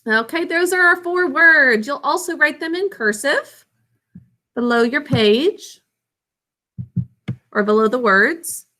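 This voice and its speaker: A young woman teaching a class, slowly sounding out words and their syllables. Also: high-pitched, animated, pushed and bright. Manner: clear, slow enunciation of words and sounds. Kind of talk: classroom spelling lesson.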